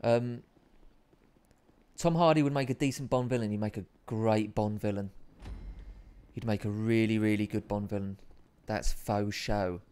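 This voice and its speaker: A man's voice: on the low side, fairly even intonation, measured pace, a little mellow, clear, resonant tone. A man hosting a live stream, chatting casually with viewers and reading out their comments, with a rambling, self-deprecating manner.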